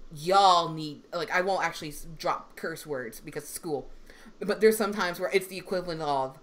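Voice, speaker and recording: A young woman, a substitute teacher who voice acts, chatting on a livestream and telling stories with lots of fillers. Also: lowish voice. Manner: animated storytelling, lots of fillers, swings in loudness. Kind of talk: casual livestream chat. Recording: faint background noise.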